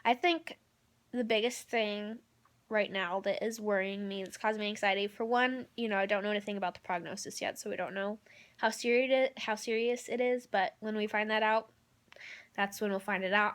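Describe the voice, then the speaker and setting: A woman's voice: mid-range voice, steady tone, normal speed. A young woman giving a candid, rambling personal video update from a hospital room, with lots of ums and likes. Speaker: vlogger.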